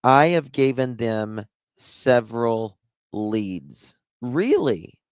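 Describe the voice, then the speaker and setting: A man hosting a livestream and picking apart a news clip with slow, sarcastic remarks. His voice sits low and unhurried. The sound is dry and close. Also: lively intonation, no room sound. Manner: sarcastic, drawn-out delivery. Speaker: livestream host. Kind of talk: mocking commentary on a news clip.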